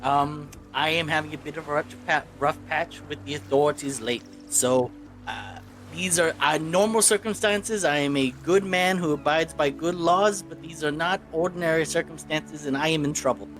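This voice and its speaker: A man's voice: fairly high pitch, moderate pace, fairly bright tone, soft background music, close to an everyday voice. A man voicing a disgraced male knight who speaks in a formal, guarded way.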